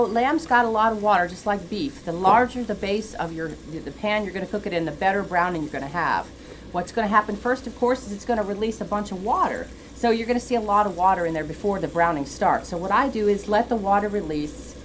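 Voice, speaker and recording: A woman's voice: on the low side, slight background noise. A woman guest chef giving a chatty cooking demonstration in a TV studio kitchen, explaining each step as she goes.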